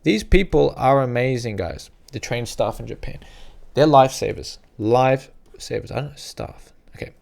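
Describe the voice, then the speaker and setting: A man casually giving travel advice to the camera, chatty and repetitive, now and then acting out little scenes in a higher voice. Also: lively intonation, moderate pace, gravelly, hardly any pauses, a little mellow. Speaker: travel vlogger.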